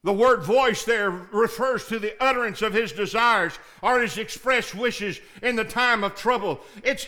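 A male pastor preaching a sermon, dropping to low murmurs and rising to shouted, pleading prayers. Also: moderate pace, hardly any pauses.

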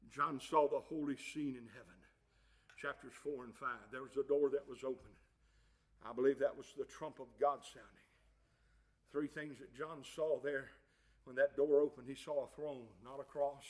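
A man preaching a fervent sermon. He moves from quiet, folksy asides to shouted passages and calls his listeners "my friend" and "honey.". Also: medium pitch, low-quality recording.

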